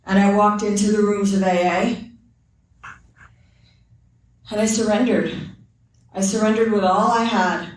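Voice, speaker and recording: Speaking at a measured pace with frequent pauses, a woman with a mid-range voice and fairly even intonation gives an earnest, candid testimony at a recovery meeting. She recounts her story using quoted dialogue. The recording catches a very echoey meeting room, and she sits far from the microphone.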